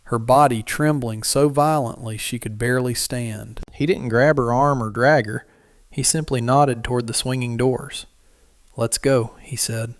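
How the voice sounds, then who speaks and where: A man reads a Western tale in a measured, dramatic storytelling manner, his voice at an ordinary pitch. The recording is very dry and close, with no room sound. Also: no echo. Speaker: narrator. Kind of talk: scripted story narration.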